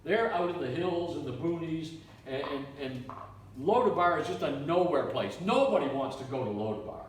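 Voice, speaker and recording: A man from Canada, a preacher telling a story in a sermon with animated, repetitive delivery. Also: on the high side, normal speed. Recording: echoey room, mic from far off.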